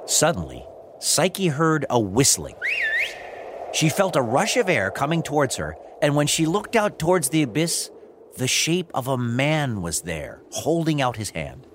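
Expressive man narrating a story. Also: medium pitch, unhurried, background noise. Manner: expressive, playful. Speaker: host and narrator.

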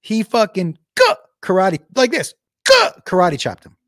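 Comedian guy ranting a story, swearing a lot, really lively up and down voice, dry close sound. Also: high-pitched, measured pace, no room sound. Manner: animated, profane, digressive. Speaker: comedian and show host. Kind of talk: casual storytelling to a live chat.

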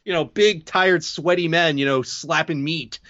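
A man's voice: a little high, a little slow, pushed and bright, no room sound, highs cut off. A man co-hosting a podcast, chatting loosely about an old game, rambling and joking. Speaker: podcast co-host. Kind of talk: casual sports chat.

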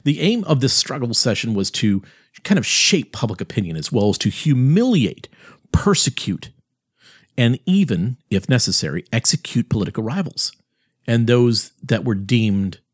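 A man delivering a heated, sarcastic political monologue as host, with sharp emphatic swings in his voice. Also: mid-range voice, big pitch swings, unhurried, husky, no echo, studio quality.

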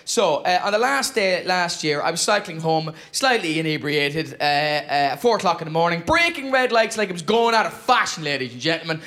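An Irish man doing a stand-up comedy routine on stage, telling a story with quick, punchy delivery and acting out the exchanges. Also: on the high side, big pitch swings, fairly bright tone, a little hiss or hum. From Ireland. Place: comedy stage before a live audience.

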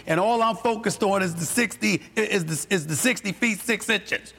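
A man's voice: high voice, normal speed, vocal fry, few pauses, pushed and bright, faint music behind. A man hosting a sports talk show, emphatic and repeating himself for effect.

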